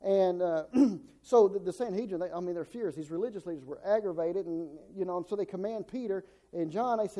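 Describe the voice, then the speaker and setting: A man delivers a sermon in a homespun style, doubling back on his words and voicing the people in his stories. His voice sits high for a man, yet its tone is mellow and dark. He sounds middle-aged. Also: a little fast, hardly any pauses. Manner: folksy, repeats words and restarts, acts out quotes. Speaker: preacher.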